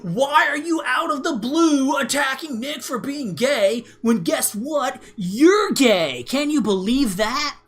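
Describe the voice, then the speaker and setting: A man's voice: extremely high pitch, lively intonation, slow, few pauses, a bit bright, voice pushed up, heavily acted. A man putting on the voice of a whiny male online troll who taunts in a sneering, sing-song way. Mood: mocking.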